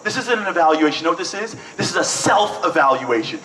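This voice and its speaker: A man's voice: sits high, expressive, fast, hardly any pauses, sharp tone. Passionate man speaking from a distance. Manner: passionate, rising and falling with emphasis, acts out dialogue. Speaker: inspirational speaker. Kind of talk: motivational talk at a breakfast event. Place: event hall. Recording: distant mic with faint noise.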